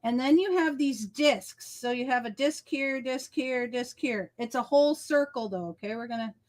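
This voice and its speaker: A woman with a fairly high voice co-hosts a relaxed crafting livestream over a video call. She explains patiently and in small steps. She keeps pausing to check that her listener is following. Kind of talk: casual chat.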